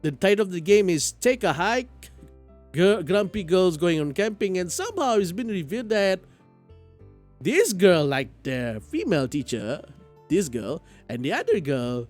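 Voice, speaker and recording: Chatty game streamer. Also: male voice, sits high, very animated, unhurried, darkish tone, faint music behind. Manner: chatty, laughing, stammering restarts. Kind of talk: live game stream commentary.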